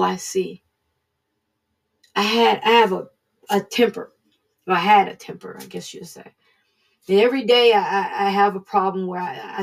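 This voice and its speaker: A woman's voice: mid-range voice, gravelly. A woman giving an earnest, conversational devotional Bible teaching, speaking encouragingly as a Bible study teacher.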